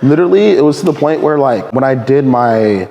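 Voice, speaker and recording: Man, thirties, from california, casual storytelling, rambling, laughing, mellow voice. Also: mid-range voice, animated, brisk, dull audio. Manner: rambling, laughing, heavy use of "like" and "dude". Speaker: podcast guest.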